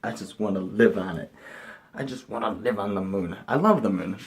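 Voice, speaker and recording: Young male vlogger, excitable and rambling, loud bursts then mumbles. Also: fairly low pitch, normal speed. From Chicago area, USA. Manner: excitable, rambling, jumps between loud enthusiasm and mumbling asides. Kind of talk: rambling casual vlog monologue.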